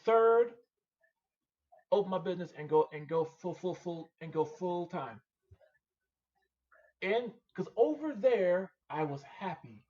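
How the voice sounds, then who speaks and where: A man's voice: sits high, takes it slowly, pauses often. Guy on a shop podcast, pumped up and repeating himself, voice jumps all over, kinda muffled audio. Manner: emphatic, animated and repetitive, preaching-like. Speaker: podcast guest, machine shop owner. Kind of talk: casual podcast interview.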